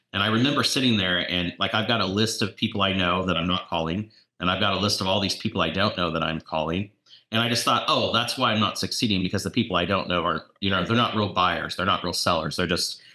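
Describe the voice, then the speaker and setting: Deep-voiced man telling stories in an echoey room. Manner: animated anecdotes, repeats words. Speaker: real estate agent and coach. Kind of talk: casual storytelling.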